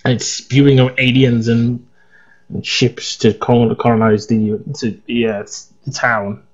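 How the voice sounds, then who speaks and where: A man's voice: mid-range voice, flat delivery, a little slow, breathy edge, lo-fi sound. A groggy, worn-out English man chatting and rambling through casual gameplay commentary as a let's play host.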